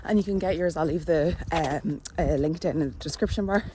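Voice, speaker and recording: A woman chatting casually to camera in a vlog, rambling with fillers, at times out of breath while walking fast. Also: deep voice, noisy background. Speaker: vlogger.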